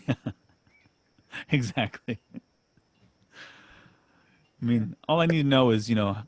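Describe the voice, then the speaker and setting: A man hosting a casual podcast chat, relaxed and self-deprecating, laughing often and restarting his sentences. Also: medium pitch, takes it slowly, dry recording. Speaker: podcast host.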